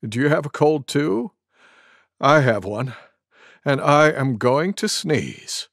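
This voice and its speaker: A man's voice: a little high, animated, a bit bright, no echo, clean studio sound, exaggerated voice. A man voicing a large, polite male elephant with a cold in a storybook reading. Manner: slow, polite.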